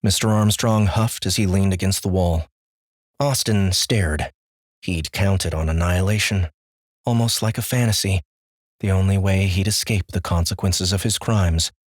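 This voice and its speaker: A man narrating an audiobook in a measured, clear voice. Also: deep voice, fairly even intonation, dry recording, studio quality. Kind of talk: scripted narration.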